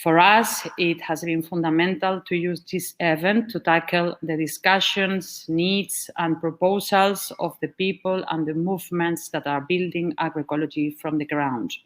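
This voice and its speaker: A woman from Spain, giving a steady prepared speech for an organizing committee. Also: on the low side, moderate pace, few pauses.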